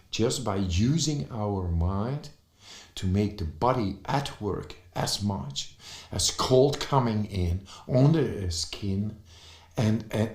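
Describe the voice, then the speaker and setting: Guy, excited talk full of uhs and restarts, slow, roomy echo. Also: on the low side. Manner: excited, halting with fillers and restarts. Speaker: speaker on breathing and cold. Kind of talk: motivational talk. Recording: echoey room.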